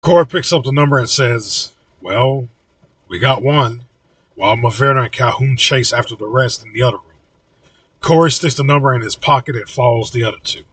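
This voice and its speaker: A man reading his own audiobook in an even, low-key narration. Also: fairly quick, breathy edge, dry recording, far from the mic, low-quality recording.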